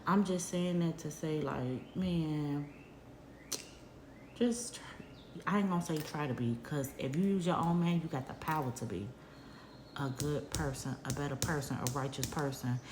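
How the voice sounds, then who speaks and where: Deep-voiced woman talking to her viewers, animated, faint hum behind, roomy echo. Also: normal speed. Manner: animated, conversational, heartfelt. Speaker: vlogger. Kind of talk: casual storytelling to viewers.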